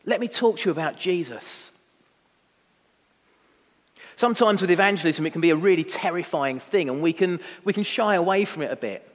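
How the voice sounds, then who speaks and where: A man's voice: high-pitched, fairly quick, long pauses. A young adult man, preaching a sermon in a chatty, self-deprecating storytelling manner with many fillers. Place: church hall. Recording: long hall reverb.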